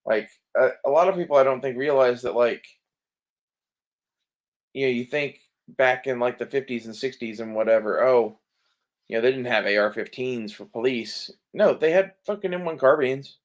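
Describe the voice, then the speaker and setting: Browsing gun listings, a vlogger talks in a relaxed, drowsy ramble, cursing frequently and letting sentences fade out with fillers. His voice is medium-pitched at a moderate pace.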